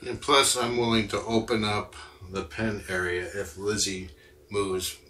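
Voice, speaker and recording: Low-voiced man chatting with his stream. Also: steady tone, unhurried, pushed and bright, a little hiss or hum. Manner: chatty, reads and answers viewer comments. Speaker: livestream host. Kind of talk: casual chat with live viewers.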